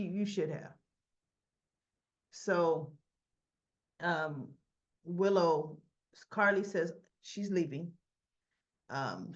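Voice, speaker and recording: A woman's voice: low voice, dull audio. A woman casually recapping a soap opera episode, chatty, retelling scenes with quoted lines and asides.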